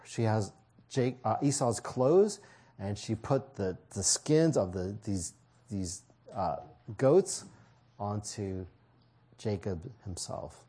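A man's voice: on the low side, animated, takes it slowly, mellow, breathy edge. A man preaching a sermon, reading scripture and explaining it in a conversational way with casual asides.

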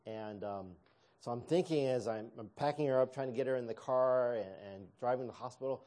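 A middle-aged man preaching a sermon through a personal anecdote, easygoing and wry. His voice is mellow and warm, with a medium pitch. He talks conversationally, with plenty of restarts and self-deprecating humor. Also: a little fast.

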